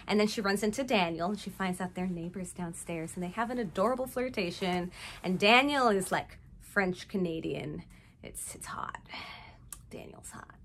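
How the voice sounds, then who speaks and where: Chatty, animated woman recapping a movie. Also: medium pitch, slight background noise. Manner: chatty, jokey asides.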